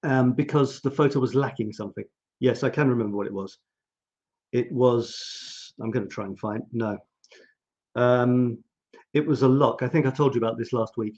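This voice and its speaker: A man's voice: medium pitch, normal speed, darkish tone, highs cut off. Chatty man hosting a live stream. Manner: chatty, musing, talks to viewers directly. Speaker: host of a live photography show. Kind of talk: casual live-stream chat.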